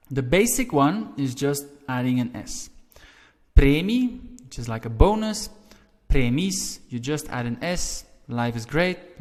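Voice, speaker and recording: Male online language teacher, mid-pitched, methodical and emphatic, recorded with a long room echo. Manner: explains step by step, often checking in with "right?"; stresses key words with sudden lifts in pitch and volume. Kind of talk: video language lesson.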